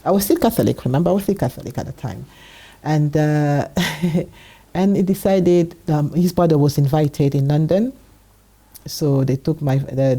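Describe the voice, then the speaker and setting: Low-voiced woman telling a personal story. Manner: animated retelling, acting out past dialogue. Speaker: guest sharing her testimony.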